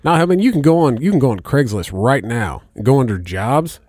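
A man telling stories in a casual chat, swearing freely and getting animated as he goes. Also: mid-range voice, fairly quick, dry recording, studio quality. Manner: profane, animated storyteller.

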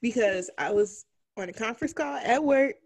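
A woman's voice: a little high, animated, normal speed, no room sound. Giggly woman co-hosting a podcast. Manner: chatty and giggly, rambling. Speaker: podcast co-host. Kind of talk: casual podcast chat.

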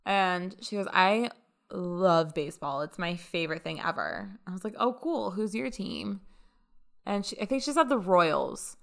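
A woman casually telling a story on a podcast, chatty and animated, acting out what others said. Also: mid-range voice, a little slow, vocal fry. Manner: chatty, animated retelling with quoted dialogue. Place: lives in Las Vegas.

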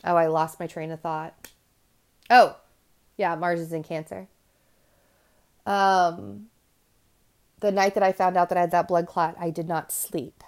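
A woman's voice: fairly low pitch, steady tone, measured pace, long pauses, darkish tone. A woman hosting a podcast, talking to her listeners in a candid, rambling monologue full of asides and restarts. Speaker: podcast host.

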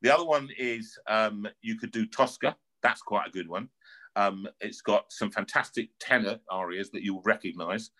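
North london guy, middle-aged opera singer chatting in an interview, lowish bright voice, keeps repeating himself. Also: normal speed, low-quality recording. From North London, England. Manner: animated storyteller, repeats words as he talks. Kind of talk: casual interview chat.

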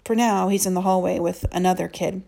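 Woman, audiobook narration, first person, soft, earnest. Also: fairly low pitch, steady tone, fairly quick, gravelly.

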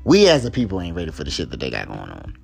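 A very deep-voiced man delivers a solo talk-show rant, heated and full of profanity. He keeps coming back to the same points with blunt emphasis, while faint music plays under him. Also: wildly swooping pitch, fast, creaky. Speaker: podcast host.

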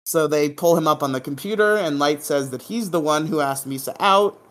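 A man's voice: on the high side, normal speed, a bit bright. A man hosting a podcast, recapping a TV episode in a casual, joking, irreverent way. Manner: joking, irreverent, hums silly sound effects. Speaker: podcast host.

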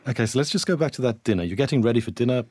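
A man interviewing a guest, setting scenes and asking questions briskly. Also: medium pitch, animated, dark tone, slightly rough, no echo. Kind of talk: radio-style interview.

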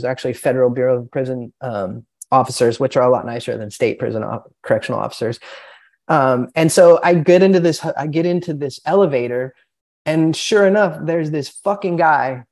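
A man's voice: medium pitch, a little mellow. Guy rambling thru a story, swears a lot, tons of likes and ums, casual podcast vibe. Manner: rambling, profane, full of filler words. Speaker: podcast guest.

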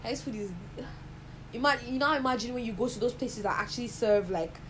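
A young woman with a Nigerian accent, chatting casually with blunt, quick reactions and some swearing. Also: a little high, a bit bright, a little hiss or hum, rough recording. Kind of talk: casual chat.

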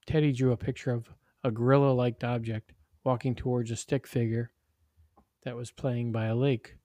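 A man's voice: mid-range voice, flat delivery, moderate pace, warm tone, dry recording. Man reading a story aloud, dry sound.

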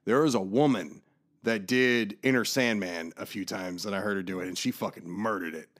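A man's voice: lowish voice, moderate pace, a bit bright. A man co-hosting a podcast in casual chat, emphatic and profane, bantering with his friend. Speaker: podcast co-host.

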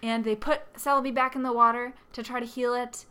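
A woman co-hosting a chatty podcast, walking through a film's plot scene by scene. Her voice is bright and clear, sitting a little high for a woman. She talks loosely, with fillers and quick laughs, and slips into little voices for quoted lines. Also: flat delivery. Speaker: podcast co-host. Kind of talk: casual chat recapping a film plot.

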